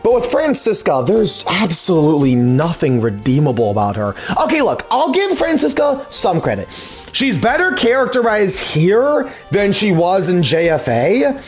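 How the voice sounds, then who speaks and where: An excitable young man rants through casual let's play commentary, swearing freely. His voice is high and swings widely in pitch. Faint music plays behind him. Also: moderate pace. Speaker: let's play host dubbing a game.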